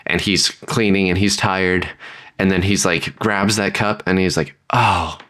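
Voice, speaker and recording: Young male podcast co-host, deep voice, loose and rambling, brainstorming. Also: steady tone, measured pace, fairly bright tone, clean tone. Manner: rambling, many "like" fillers, bursts into high comic voices. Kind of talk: casual brainstorming chat.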